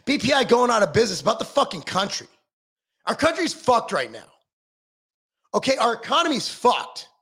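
Brief: middle-aged man, profane heated rant, high gravelly voice, swinging pitch. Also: very animated, brisk, long pauses, pushed and bright. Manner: heated, sarcastic, swearing constantly.

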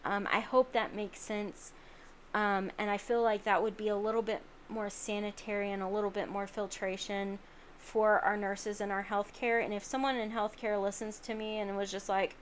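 A woman's voice: mid-range voice, fairly even intonation, normal speed, slight background noise. A sleepy woman hosting a late-night solo podcast, talking in an earnest, rambling, self-deprecating way from home. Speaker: podcast host.

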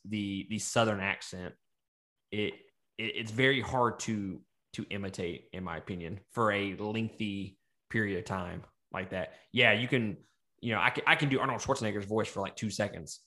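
A man co-hosting a casual movie review podcast, talking in an animated, profane way and laughing often. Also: fairly low pitch, normal speed. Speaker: podcast co-host.

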